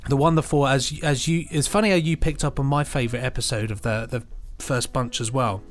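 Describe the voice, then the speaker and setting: A man's voice: mid-range voice, brisk, faint music behind. Young man rambling in casual podcast chat. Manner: chatty, rambling with restarts and fillers. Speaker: podcast co-host.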